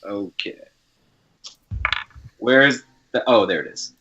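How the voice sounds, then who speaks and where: A man's voice: on the low side, expressive, takes it slowly, lo-fi sound, noisy background. A man playing in a tabletop game, asking questions hesitantly and casually. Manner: hesitant, asks rule questions. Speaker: player.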